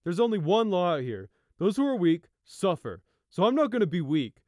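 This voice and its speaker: A man's voice: sits high, big pitch swings, moderate pace, dry recording, clean studio sound, voice pushed up. A man voicing a harsh zealous young buck. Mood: angry. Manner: loud, forceful and clipped. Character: hardened young male deer, zealous and harsh.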